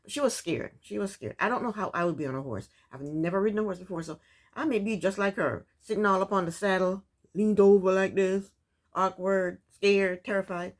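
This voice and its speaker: A woman hosting a casual reality TV recap, chatty and opinionated, often questioning the cast out loud. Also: medium pitch, fairly quick. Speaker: recap host.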